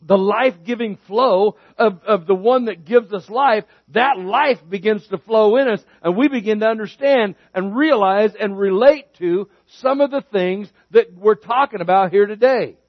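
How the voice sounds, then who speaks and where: A man preaches a sermon, telling homespun stories and building to emphatic points. His voice sits high for a man. The sound is dry and a little dull. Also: moderate pace, hardly any pauses, dry recording. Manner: folksy storytelling preacher, rises in pitch for emphasis. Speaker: pastor.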